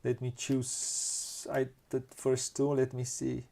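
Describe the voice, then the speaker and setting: This board game host has a Romanian accent and a mid-range, dark voice with vocal fry, delivered slowly and completely flat. During a casual playthrough he counts pieces and voices his move planning.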